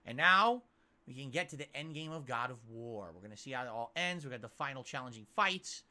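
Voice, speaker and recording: This streamer's mid-range voice moves a little fast as he works through chat tips from his home office. Through the desk mic, he sounds animated and exasperated, ranting between messages.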